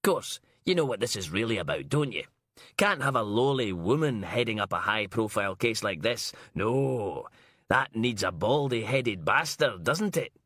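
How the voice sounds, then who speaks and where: A man's voice: lowish voice, sing-song, moderate pace, a bit bright, no echo, studio quality. A male narrator voicing a foul-mouthed, brash female detective inspector, sarcastic and ranting. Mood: furious.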